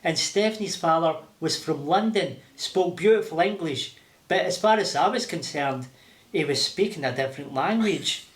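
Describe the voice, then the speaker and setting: A man's voice: on the high side, moderate pace. Older glaswegian guy, chatty storyteller, laughs a lot, roomy echo. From Scotland. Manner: animated, laughing, acting out voices. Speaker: interview guest. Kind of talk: casual storytelling.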